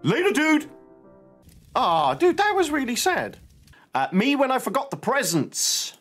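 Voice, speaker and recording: Playful gaming YouTuber, lively pitch. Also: male voice, measured pace, soft background music. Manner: playful, laughs often, reads on-screen dialogue aloud. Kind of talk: casual reaction commentary.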